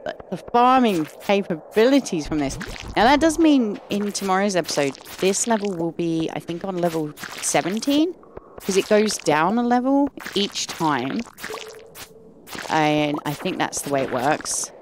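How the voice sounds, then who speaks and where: Excitable woman doing game commentary. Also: medium pitch, unhurried, a little hiss or hum. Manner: excitable, gasping and gushing. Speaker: gaming channel host. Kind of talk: let's play commentary.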